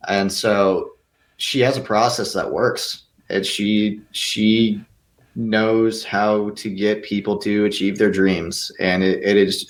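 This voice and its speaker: A young man gives earnest answers in a casual interview, his voice sitting a little low. He often trips over his first words and starts again before the thought comes out. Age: young adult. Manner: earnest, with many restarts and stammered repeats. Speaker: guest actor.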